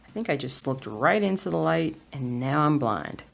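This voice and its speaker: A woman chatting casually at home while she stitches, soft-spoken and often half-whispering her asides. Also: low voice, moderate pace, creaky. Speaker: cross-stitch vlogger. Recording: steady background noise.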